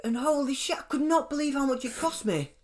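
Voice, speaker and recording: A man's voice: extremely high pitch, animated, brisk. A young British man co-hosting a podcast, chatting casually, swearing a lot and laughing often. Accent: British English. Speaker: podcast co-host. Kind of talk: casual chat.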